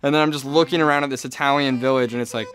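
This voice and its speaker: A young man in his twenties recounts a personal story in a rambling, candid way, leaning heavily on fillers. His voice sits at a middle pitch. Soft music plays faintly behind him. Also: fairly even intonation, racing, clean tone.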